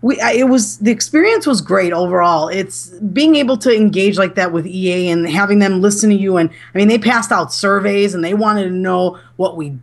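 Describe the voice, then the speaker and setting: A woman's voice: medium pitch, normal speed, hardly any pauses. A woman chatting as an interview guest, with many restarts and fillers. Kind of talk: casual interview chat.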